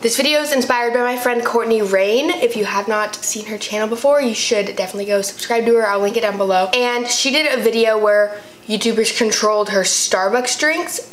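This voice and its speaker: A young woman in her twenties chatting casually to camera as a vlogger, with plenty of fillers. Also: medium pitch. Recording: echoey room with faint noise.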